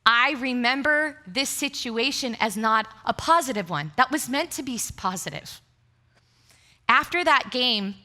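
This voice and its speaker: A woman's voice: medium pitch, bright, forceful tone. A middle-aged woman pastor giving a sermon, telling candid, self-deprecating stories to a congregation. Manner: candid, self-deprecating storytelling with frequent laughter. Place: church sanctuary before a congregation.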